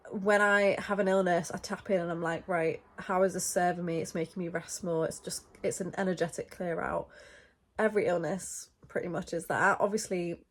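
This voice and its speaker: Chatty young woman with a cold. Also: fairly low pitch. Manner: chatty and rambling, many fillers. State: stuffy from a head cold. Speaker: vlogger. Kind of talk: casual chat to camera. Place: in bed, indoors.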